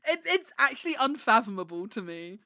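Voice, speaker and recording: A woman's voice: a little high, big pitch swings, a little fast, bright, forceful tone, dry recording, studio quality. A woman livestreaming from home, chatting casually with viewers, giggling and restarting her words as she talks into a desk microphone.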